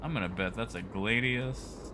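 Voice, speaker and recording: A man's voice: fairly low pitch, moderate pace, background noise. A man live-streaming a space game, chatting casually and animatedly, laughing and greeting viewers as he plays. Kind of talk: casual live-stream commentary while gaming.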